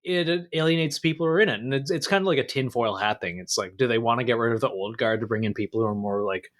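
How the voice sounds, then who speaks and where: A man hosting a casual podcast, laid-back and profane, with deadpan jokes. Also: mid-range voice, fast talker. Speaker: podcast host.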